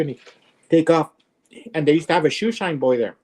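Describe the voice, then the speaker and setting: A man co-hosting a casual podcast, telling anecdotes in a dry, unhurried way. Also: a little high, lively intonation, darkish tone, breathy edge. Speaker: podcast co-host. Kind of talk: casual chat.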